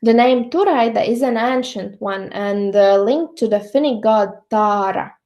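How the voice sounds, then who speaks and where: A woman's voice: on the high side, darkish tone. A young woman with a Latvian accent giving a slide lecture, with frequent ums and uhs. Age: young adult. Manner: many ums and uhs, measured.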